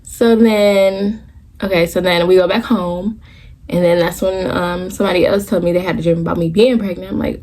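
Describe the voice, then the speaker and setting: A woman's voice: lowish voice, fairly even intonation, normal speed, darkish tone, slight background noise. Candid young woman telling a story. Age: 20s. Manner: candid, profane, addresses viewers directly; talks in loose run-on asides, restarts the story. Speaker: vlogger. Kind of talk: casual storytime.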